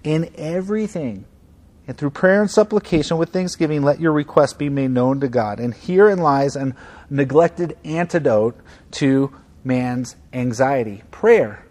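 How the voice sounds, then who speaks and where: A man pastor preaching a sermon in an earnest, conversational way, moving between soft moments and emphatic ones. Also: fairly high pitch, measured pace.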